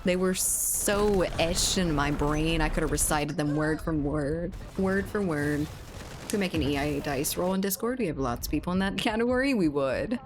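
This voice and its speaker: A woman's voice: deep voice, normal speed, slight background noise. A young woman streamer chatting casually and profanely during a gaming livestream, reading chat aloud.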